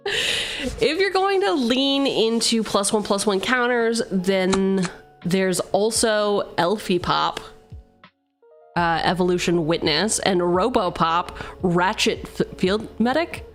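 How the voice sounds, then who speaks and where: A woman's voice: mid-range voice, lively intonation, slow, soft background music. Playful young woman streamer. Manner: playful and teasing, jumping between card text and banter. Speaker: streamer host. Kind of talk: casual live-stream chat while deck building.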